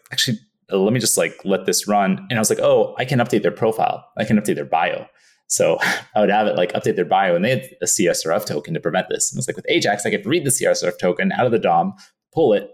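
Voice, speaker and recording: Low husky fast-talking man telling a story. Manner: animated storyteller who acts out his own past thoughts and laughs often. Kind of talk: casual anecdote in an interview.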